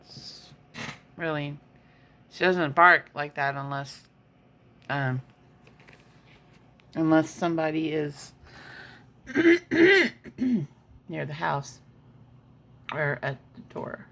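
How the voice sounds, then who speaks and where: A woman's voice: low voice, expressive, extremely slow, gravelly, pauses often, fairly bright tone, slight background noise. A woman vlogging from home in a chatty way, reading an article aloud and adding her own comments. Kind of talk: casual chat.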